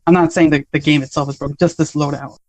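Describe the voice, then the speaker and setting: A man's voice: a little high, fairly even intonation, fast, low-quality recording. Insistent man clarifying his point. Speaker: podcast co-host. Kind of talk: casual gaming chat.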